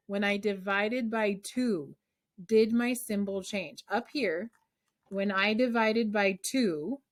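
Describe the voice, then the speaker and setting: A woman's voice: mid-range voice, a little mellow. A woman math teacher leading an online class over a video call, coaxing students with call-and-response questions.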